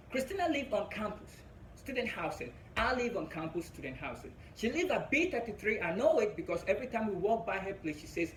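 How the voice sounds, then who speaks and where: A young Ghanaian man doing stand-up storytelling, animated and laughing at his own story. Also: high voice, brisk, roomy sound, a little hiss or hum, rough recording. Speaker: stand-up comedian.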